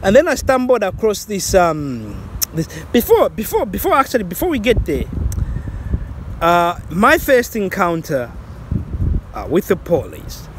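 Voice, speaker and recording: A man from Zambia tells a personal story in a loose, chatty way, full of fillers and restarts, and laughs at his own mistakes. His voice sits a little high for a man. Faint outdoor traffic hums behind him. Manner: rambling with frequent restarts and fillers, laughs at himself. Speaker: vlogger. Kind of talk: casual storytelling.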